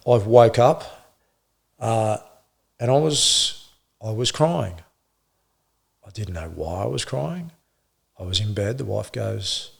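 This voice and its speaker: A middle-aged Australian man, formerly a police officer, tells his story in an interview, swearing bluntly and restarting haltingly. His voice is medium-pitched and gravelly.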